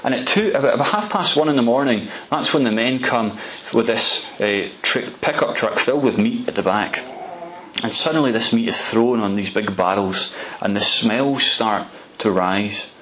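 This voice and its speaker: A man's voice: medium pitch, normal speed, a bit bright, rough recording. A man preaching a storytelling sermon in a conversational way, often restarting and repeating words.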